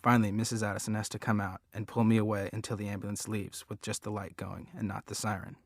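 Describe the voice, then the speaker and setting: A man's voice: fairly low pitch, level tone, fast talker, few pauses, dry recording, clean studio sound. A man reading a first-person story aloud as an audiobook, in an earnest, plain-spoken way. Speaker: audiobook reader.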